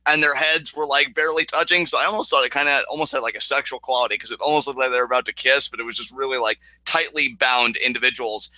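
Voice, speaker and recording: A man co-hosting a casual wrestling review podcast, excitable and swearing as he recaps. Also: mid-range voice, fast talker, hardly any pauses, no echo, low-quality recording. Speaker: podcast co-host.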